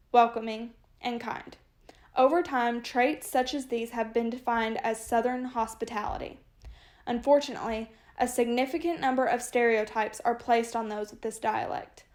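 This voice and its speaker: A young woman reading a prepared class presentation aloud in even, list-like phrases. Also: a little high, moderate pace. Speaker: student presenter.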